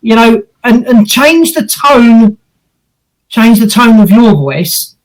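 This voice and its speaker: High-voiced blunt man. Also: lively intonation, slow, poor audio. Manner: blunt, emphatic, swearing. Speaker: paranormal investigator guest. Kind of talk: casual podcast chat.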